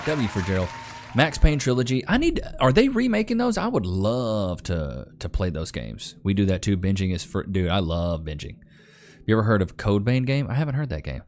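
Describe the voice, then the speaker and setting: A man's voice: lowish voice, big pitch swings, normal speed, darkish tone, a faint crowd. A young man with a Texan Southern accent from Northeast Texas, casually chatting on a live stream and reading viewer comments aloud in a laid-back drawl. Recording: faint music in background.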